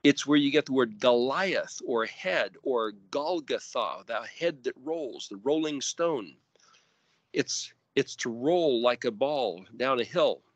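Slow, deliberate male Bible teacher. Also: medium pitch, expressive, no room sound. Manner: spells out Hebrew letters and word roots deliberately; emphatic rises on commands. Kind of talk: verse-by-verse scripture study.

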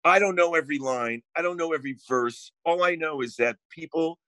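A man's voice: fairly high pitch, a little fast, pushed and bright, dry recording. A man with a New Jersey accent, a guest songwriter telling brash stories in casual podcast chat and swearing freely.

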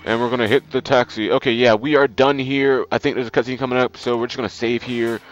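A man's voice: medium pitch, steady tone, fast. A man with a stuffy nose giving rambling, chatty let's play commentary. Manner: rambling, chatty, with many fillers. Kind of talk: casual game commentary. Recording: dull lo-fi sound. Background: faint game music.

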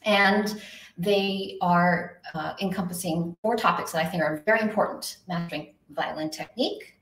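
A woman's voice: fairly low pitch, recorded from a distance. A woman runs a live violin lesson with a chatty, upbeat manner and greets viewers by name. She stands some way from the microphone in a reverberant room. A faint hiss sits under her voice. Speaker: violin teacher hosting a livestream. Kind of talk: live online lesson, reading chat.

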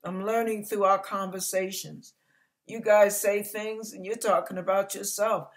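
A woman's voice: medium pitch, fairly even intonation, measured pace. An older woman pastor giving an online church sermon, earnest and conversational, building to emphatic repetition.

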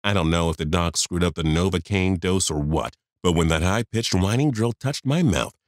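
Very deep-voiced man telling a story. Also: animated, normal speed, dry recording, clean studio sound. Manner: confiding, talks straight to the listener. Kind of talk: first-person storytelling narration.

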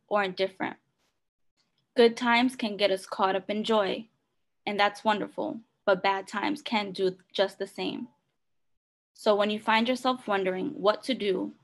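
A woman's voice: mid-range voice, gravelly. A woman reading her personal church devotional in a sincere, earnest way. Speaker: devotional reader.

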